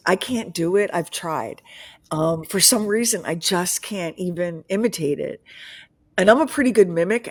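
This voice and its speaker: A woman co-hosting a podcast livestream, talking in a chatty, animated way and laughing often. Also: fairly low pitch, no echo. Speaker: podcast co-host. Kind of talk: casual livestream chat.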